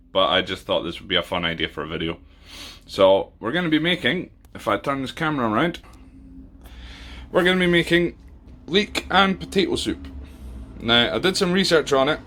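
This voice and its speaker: A Scottish man with a fairly low, bright voice and a forceful tone hosts a casual home cooking video, chatting and rambling with lots of fillers. He's a podcast host, recorded on a camera in a kitchen.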